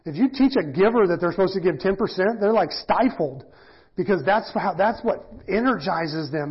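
A middle-aged pastor teaching in a casual, self-deprecating sermon, often acting out quoted voices. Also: male voice, high voice, lively intonation, brisk, breathy edge. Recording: dull lo-fi church audio.

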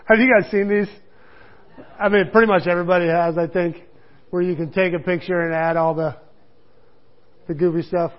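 A man's voice: high voice, fairly even intonation, normal speed, long pauses. A middle-aged man teaching a casual Bible study, conversational, chuckling and acting out the quotes he tells. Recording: dull lo-fi recording.

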